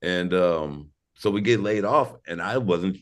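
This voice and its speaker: A very deep-voiced man from St. Louis, Missouri, talking as a podcast guest. He tells his stories in a loose, laid-back way, swears freely and laughs as he goes. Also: unhurried. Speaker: podcast guest, former pro skateboarder. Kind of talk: casual storytelling interview.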